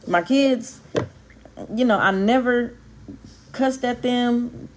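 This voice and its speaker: A woman's voice: fairly high pitch, expressive, slow, pauses often, slight background noise. A woman from Compton, giving a casual, impassioned Bible talk to camera and stressing and stretching her words for emphasis. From Compton, California. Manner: punchy exclamations, street slang. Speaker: Bible teacher vlogger.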